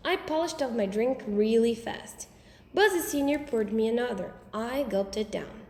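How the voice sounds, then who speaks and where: A woman reading a children's story aloud in a lively, expressive way. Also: fairly high pitch, normal speed. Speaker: audiobook reader. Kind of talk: storybook narration. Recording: roomy with long reverb.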